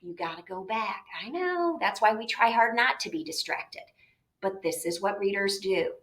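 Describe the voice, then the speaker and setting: A woman teaching a reading lesson, talking in a lively way and acting out the inner voices of a reader. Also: mid-range voice, normal speed. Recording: echoey room, voice a bit distant.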